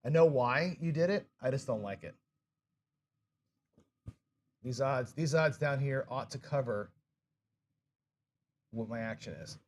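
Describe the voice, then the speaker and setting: A man's voice: medium pitch, animated, unhurried, long pauses, darkish tone. A man hosts a live craps game stream, talking loosely in a mid-range voice. He swears and scolds himself over his own slip-ups with frustrated self-deprecation. A faint hiss of noise sits under the recording. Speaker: craps show host. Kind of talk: live casual chat while playing.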